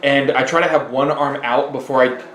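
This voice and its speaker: Measured man explaining fight technique. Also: medium pitch, fairly even intonation, fairly bright tone, soft background music. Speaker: co-host, sparring partner. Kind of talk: casual chat commenting on a sparring video. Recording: roomy echo.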